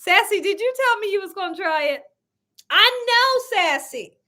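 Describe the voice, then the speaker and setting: A woman with a very high, expressive voice, pushed and bright, speaks at a moderate pace. She runs a casual cooking livestream, chatting and laughing frequently while reading out what viewers comment.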